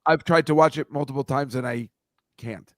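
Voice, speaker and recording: A man's voice: mid-range voice, normal speed, fairly bright tone, dry recording, clean studio sound. A man hosting a casual comedy chat, teasing his guest with a guessing game of photo clues. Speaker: podcast host.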